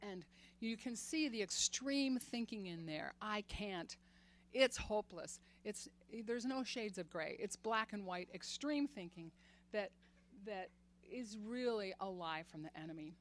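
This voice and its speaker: A woman in her sixties giving an earnest faith talk to a group, laughing often and growing animated when she retells stories. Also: mid-range voice, unhurried. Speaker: women's ministry speaker.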